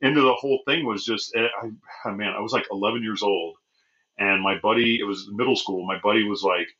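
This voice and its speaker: A man chats on a podcast with a very bright, cutting voice, telling stories full of restarts and quoted voices. The recording sounds a little dull and lo-fi. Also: fairly low pitch, fairly quick. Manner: rambling storyteller, restarts often, acts out quoted voices. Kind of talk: casual chat.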